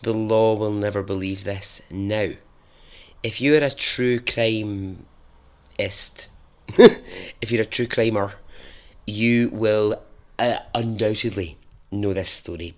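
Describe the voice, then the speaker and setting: A man telling a story on his podcast in a casual, chatty way. His voice sits fairly low, and he takes his time, drifting into laughing asides and little tangents before returning to the tale. He is relaxed and conversational throughout.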